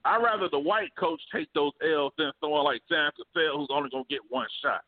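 A man co-hosting a casual sports debate, animated and slangy, laughing often. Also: fairly high pitch, a little fast. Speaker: podcast co-host. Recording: phone-like remote call audio.

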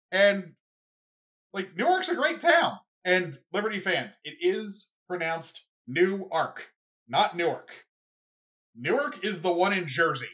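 A young adult podcast host in a casual solo rant, rambling and excitable, with lots of "like" and "you know". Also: mid-range voice. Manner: rambling, filler-heavy, excitable.

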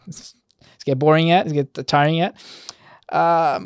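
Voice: mid-range voice, steady tone, takes it slowly, pauses often, clear, resonant tone, dry recording, studio quality. A Bible teacher giving a casual Bible study, reading scripture aloud and adding light-hearted, conversational commentary with frequent restarts.

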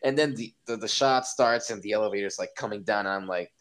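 Podcast guest, male, lowish pitch, animated and profane. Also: quick pace, a little hiss or hum, rough recording. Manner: excited, swearing, acts out his own reactions. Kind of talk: casual podcast chat.

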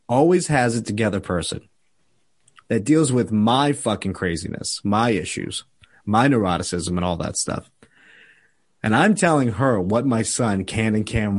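Animated profane man telling a story. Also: on the low side. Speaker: podcast host. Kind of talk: casual podcast chat.

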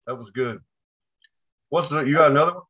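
A man co-hosting a casual podcast, telling family stories in an animated way and acting out the people in them. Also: fairly high pitch, brisk. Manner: animated storyteller, acts out family members with yells. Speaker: podcast co-host. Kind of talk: casual storytelling chat. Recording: dull lo-fi recording.

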